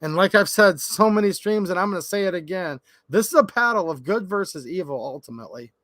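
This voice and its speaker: Animated and a little fast, the Michigan gun channel host rattles off casual commentary on his own livestream from the workshop. He's chatty and opinionated, often turning to his viewers, with a fairly high, bright voice recorded dry and close without echo.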